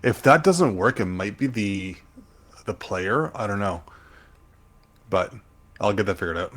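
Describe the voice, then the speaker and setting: A man co-hosting a podcast in easygoing chat, hesitant and quick to poke fun at himself. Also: on the low side, lively intonation, fairly bright tone. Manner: easygoing, hesitant, self-deprecating. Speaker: podcast co-host. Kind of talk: casual chat.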